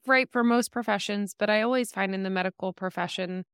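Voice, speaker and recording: Smooth-voiced woman hosting an interview. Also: mid-range voice, fairly quick, no room sound, studio quality. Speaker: podcast host. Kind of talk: casual interview chat.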